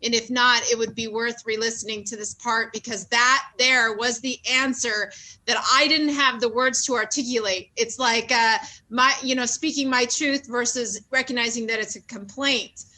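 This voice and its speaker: A woman's voice: on the high side, steady tone, normal speed, pushed and bright, rough recording. A woman co-hosting a support group on a video call, affirming the speakers and laughing often. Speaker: group co-host.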